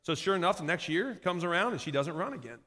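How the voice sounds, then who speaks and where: Bright-voiced man preaching in an echoey hall. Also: high voice, fast. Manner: animated, self-mocking storyteller who laughs often. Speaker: pastor. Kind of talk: storytelling sermon. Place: church sanctuary.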